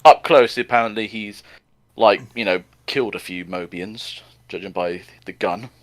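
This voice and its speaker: A man's voice: fairly low pitch, moderate pace. A man co-hosting a casual comic review chat, rambling with lots of fillers and chuckles.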